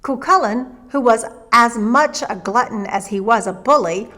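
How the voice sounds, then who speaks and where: Bright-voiced woman reading a folktale. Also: a little high, normal speed. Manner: lively expressive reading. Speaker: storyteller. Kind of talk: storybook narration for children.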